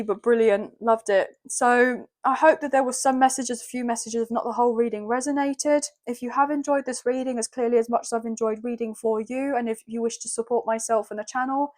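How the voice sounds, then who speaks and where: A woman's voice: on the high side, a little mellow. A woman giving a spontaneous tarot reading to her viewers, effusive and emotional, exclaiming often and rambling with many fillers. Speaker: tarot reader.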